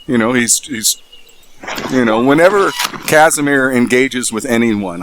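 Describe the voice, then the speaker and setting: A man playing at a tabletop game, speaking up eagerly and rambling as he asks questions. His voice sits at an ordinary middle pitch, with faint noise behind it. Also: moderate pace, fairly bright tone. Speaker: player. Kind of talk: casual table talk.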